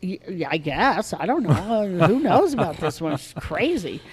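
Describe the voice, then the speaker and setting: Older woman, podcast guest, lower-pitched voice, animated, swears freely. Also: a little slow. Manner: animated, swears casually, acts out shrill child voices. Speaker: guest storyteller. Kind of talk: casual podcast storytelling.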